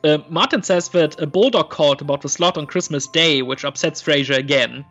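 A man's voice: a little high, fairly quick, a bit bright, lo-fi sound, faint music behind. Hesitant man recapping a show. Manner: hesitant, many ums and restarts, retelling scenes. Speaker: podcast co-host recapping an episode. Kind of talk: casual chat.

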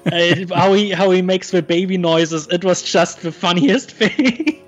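A man's voice: high voice, measured pace, dull audio. A man co-hosting a podcast, eagerly retelling a sitcom episode with plenty of laughter. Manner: enthusiastic, laughs often, puts on voices for quotes. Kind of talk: casual chat.

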